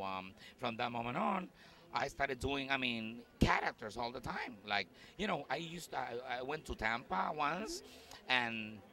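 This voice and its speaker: Animated man with Puerto Rican Spanish accent. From Puerto Rico. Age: middle-aged. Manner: animated, excitable, lively swings in pitch. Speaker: stand-up comedian and actor. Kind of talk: festival red-carpet interview. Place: busy festival event in New York.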